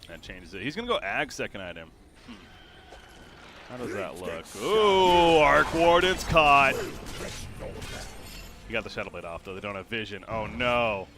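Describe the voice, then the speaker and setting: A man giving live play-by-play commentary on a video game match, his pitch and volume surging during the fights. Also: expressive, fast, pushed and bright. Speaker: esports caster. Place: home streaming setup.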